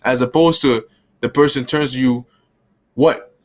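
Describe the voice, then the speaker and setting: A man gives a relaxed, conversational Bible lesson, weaving scripture into everyday street talk. He slips into quick mini-scenes with short bursts of other voices, and his own pitch sits right in the middle. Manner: casual street slang, acts out little scenes with quick voices. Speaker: bible teacher.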